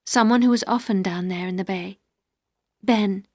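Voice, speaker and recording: A woman narrating a story for language learners, clear and careful, at a mid pitch. The reading is steady and even. The sound is dry and close to the mic. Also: moderate pace, no room sound.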